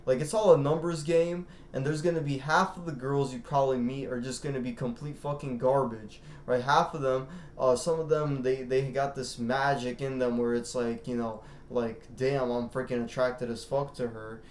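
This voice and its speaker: A man's voice: medium pitch, fairly even intonation, normal speed, few pauses, roomy sound, slight background noise. A man ranting casually as a vlogger, rambling and boastful, swearing constantly. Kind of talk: casual rant to camera.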